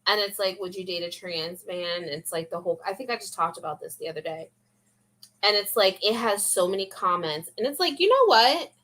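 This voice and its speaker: A woman's voice: mid-range voice, expressive, brisk, a bit bright. A young woman vlogger in casual, rambling, confessional chat full of fillers.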